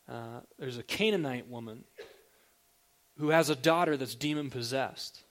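A man preaching a sermon as a pastor, talking in a relaxed, conversational way and asking the listeners direct questions. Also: medium pitch.

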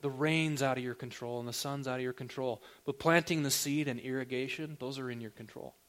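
A man preaching a sermon as a pastor, talking in a relaxed, conversational way and asking the listeners direct questions. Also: mid-range voice, fairly quick.

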